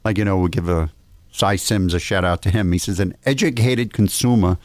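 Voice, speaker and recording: A man's voice: low voice, steady tone, fairly quick, dry recording. A man from New York City co-hosting a casual radio talk show, joking and playful.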